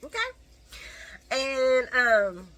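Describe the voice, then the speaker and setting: A woman's voice: high voice, extremely slow, noisy background. A middle-aged woman giving a casual, opinionated solo recap of a soap opera, chatting to her viewers with plenty of fillers and asides.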